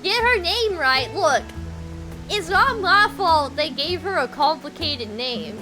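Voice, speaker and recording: A woman's voice: extremely high pitch, animated, slow, sharp tone, faint music behind. A woman with a Texan accent, chatting playfully and giggling as she streams a game. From Texas. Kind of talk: casual live-stream chat while gaming.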